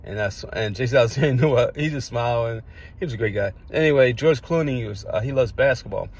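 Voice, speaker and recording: A man's voice: medium pitch, quick pace, a little mellow, husky. A middle-aged man casually telling rambling personal stories, jumping from one anecdote to the next. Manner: rambling, digressive, jumps between anecdotes. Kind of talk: casual storytelling.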